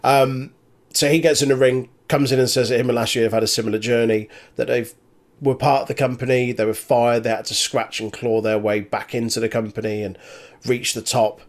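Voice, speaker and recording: A man chatting casually as a podcast co-host, animated, laughing often and swearing. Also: mid-range voice, fairly quick. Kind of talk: casual chat recapping a wrestling show.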